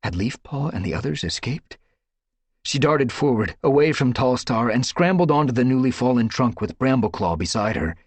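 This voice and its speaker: A man reading a dramatic audiobook story with expressive, dramatic storytelling. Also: medium pitch, moderate pace, breathy edge, dry recording. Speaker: audiobook narrator. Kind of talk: audiobook narration.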